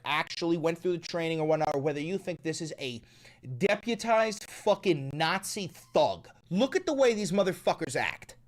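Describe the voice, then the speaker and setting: A man streaming live reaction commentary, heated and mocking, swearing often. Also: high voice.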